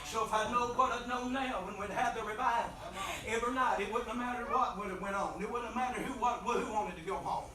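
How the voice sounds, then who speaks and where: Man preaching hard, voice way up high, soft then yelling, super echoey church, mic far off. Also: quick pace, few pauses, a crowd in the background. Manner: swings between soft pleading and loud shouting. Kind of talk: impassioned revival sermon. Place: church sanctuary.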